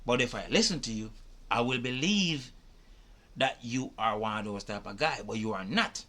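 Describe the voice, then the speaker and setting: A man's voice: mid-range voice, expressive, normal speed, bright, forceful tone. A man giving emphatic, rhetorical commentary on a video, repeating his questions and swearing as he makes his point. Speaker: reaction video host. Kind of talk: animated commentary to camera.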